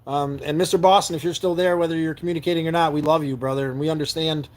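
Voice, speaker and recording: Earnest man with a slightly high voice. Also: fairly even intonation, quick pace. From New York State. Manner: earnest, heartfelt, repeats words while searching for them. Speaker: live-stream host. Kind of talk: live stream reading viewer comments. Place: camper van.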